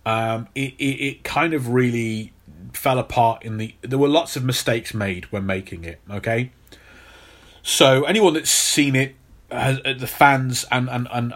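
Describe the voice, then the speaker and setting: A man's voice: medium pitch, fairly bright tone. Male podcast host, casual storyteller, loose delivery with plenty of restarts. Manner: storytelling, repeats words when restarting.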